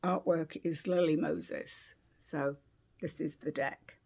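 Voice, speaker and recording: A British woman giving a gentle, unhurried spiritual oracle card reading at home, with frequent fillers and restarts. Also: deep voice, steady tone, creaky. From Britain.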